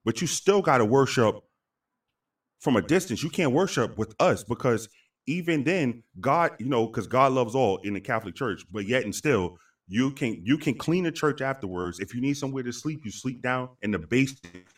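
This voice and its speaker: A man's voice: mid-range voice, lively intonation, normal speed. Emphatic male podcast host, distant mic. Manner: emphatic, repeats himself to drive points home. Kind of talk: casual podcast chat. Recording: voice far from the mic.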